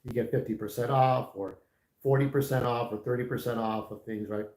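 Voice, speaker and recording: On a YouTube livestream, a man in his forties chats casually and speaks directly to his viewers, candid and full of opinions. His mid-range voice has a darkish tone, fairly even intonation and a slightly fast pace. The recording is rough.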